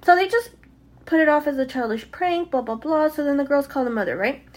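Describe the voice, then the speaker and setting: A woman's voice: high-pitched, expressive, brisk. Chatty young woman retelling a true crime case. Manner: chatty, loose, swears, spells words out letter by letter. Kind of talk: casual true crime narration. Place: home with dogs nearby.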